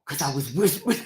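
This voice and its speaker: A man telling a childhood story in a relaxed chat, lively and at times dropping into a hush. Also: on the high side. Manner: animated storyteller, drops into a hush at times, Southern-tinged vernacular.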